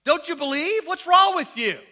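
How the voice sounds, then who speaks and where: A bullying giant warrior hurls loud, mocking challenges, as a preacher puts him on in a sermon. The voice sits very high and sounds sharp and tense. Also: male voice, animated, normal speed, full character voice. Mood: taunting. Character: taunting giant male warrior, boastful bully.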